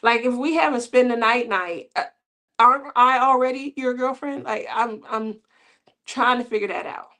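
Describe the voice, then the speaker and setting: Chatty middle-aged woman with vocal fry. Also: fairly high pitch, moderate pace, sharp tone. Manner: chatty, rambling, laughs often. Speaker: crafting channel host. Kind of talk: casual chat to viewers.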